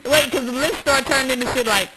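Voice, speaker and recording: A woman hosting a podcast, talking in a brash, candid way and laughing at her own stories. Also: high voice. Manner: brash, candid storyteller, quick to laugh at herself. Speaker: podcast host. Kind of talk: casual chat. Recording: loud background noise.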